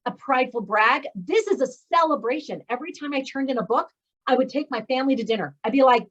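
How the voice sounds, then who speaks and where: A woman's voice: a little high, animated, fast talker, dull audio. A woman hosting a speaking course graduation over a video call, praising and encouraging her graduates effusively. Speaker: speaking coach and course host.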